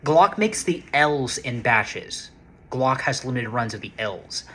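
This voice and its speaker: A man's voice: mid-range voice, slow, slightly rough. A man telling a casual, rambling story to camera, restarting his sentences and swearing for emphasis. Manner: rambling, restarts often, excited and profane about guns. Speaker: vlogger, casino security worker.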